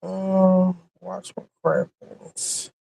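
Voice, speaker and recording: A man's voice: high-pitched, flat delivery, very slow, gravelly, warm tone, dry recording, rough recording. A male streamer chatting casually to himself while driving, grumbling at his car. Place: inside a car.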